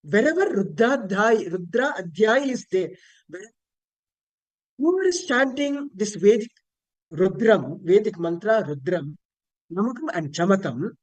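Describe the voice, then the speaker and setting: A man's voice: sits high, sing-song, unhurried, rough recording. A man giving a webinar lecture on Vedic chanting, patiently explaining and chanting Sanskrit words to show their intonation. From India. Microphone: video call.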